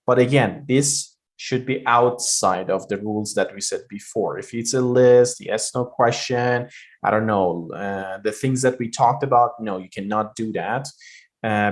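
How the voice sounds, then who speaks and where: A man's voice: fairly low pitch, a little slow. A man teaching English pronunciation, explaining intonation in loose everyday talk with many fillers and spoken examples.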